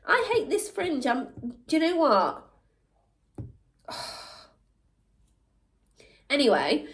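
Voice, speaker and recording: A woman talking candidly to camera, animated, slipping into mock voices and laughing at herself. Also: on the high side. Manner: animated, switches into mock voices when quoting people; laughs at herself mid-sentence. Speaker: vlog host.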